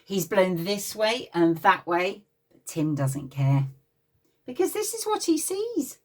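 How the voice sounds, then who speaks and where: A woman's voice: medium pitch, recorded from a distance. An English woman reads a picture book to little children, her voice rising and falling a great deal as she tells the story. She keeps breaking off to talk with her listeners. She sits a little back from the microphone. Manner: lively, expressive, pauses to talk to the children. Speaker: playgroup leader reading to children. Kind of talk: read-aloud storytime for young children.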